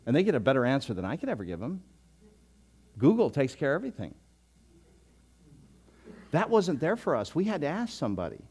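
A man's voice: fairly high pitch, a little fast, pauses often, husky. An older man preaching a sermon as a pastor, telling stories with chuckles and frequent word restarts. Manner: storytelling with chuckles, animated and loud in anecdotes; repeats words, restarts.

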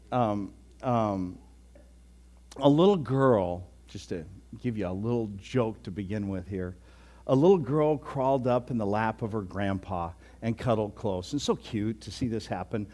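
Folksy older pastor chuckling through a sermon. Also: male voice, fairly low pitch, measured pace, a little mellow. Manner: folksy, repeats and restarts, chuckling often. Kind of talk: conversational sermon.

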